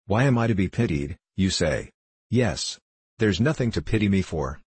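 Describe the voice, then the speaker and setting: A man's voice: sits low, animated, moderate pace, darkish tone, husky, no room sound. A man voicing a drunken, self-pitying middle-aged former clerk in an audiobook, rambling and pleading, rising to fervent declaiming. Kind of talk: audiobook character reading.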